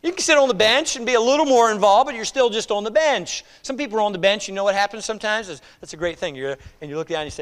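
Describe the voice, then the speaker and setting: A middle-aged man preaching a conversational, animated sermon, acting out quoted voices. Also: high-pitched, racing, few pauses. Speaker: pastor.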